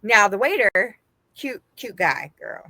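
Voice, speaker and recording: Lively, bright-voiced woman telling a story. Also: medium pitch, slow pace, no echo. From Las Vegas. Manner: animated, laughing, quoting others in her story. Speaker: podcast co-host. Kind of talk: casual storytelling chat.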